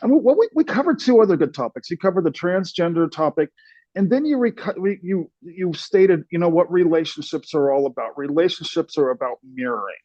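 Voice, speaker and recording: A man's voice: fairly high pitch, animated, a little fast, mellow, no room sound. A man hosting a casual chat, talking enthusiastically and laughing often. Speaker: host. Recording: dull dry sound.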